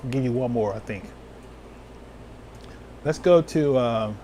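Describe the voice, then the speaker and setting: Animated, slow-talking male preacher. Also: fairly high pitch. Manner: slow, drawn-out scripture reading with sudden whoops and laughs; casual, talks to viewers live. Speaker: elder preaching. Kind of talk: sermon reading scripture.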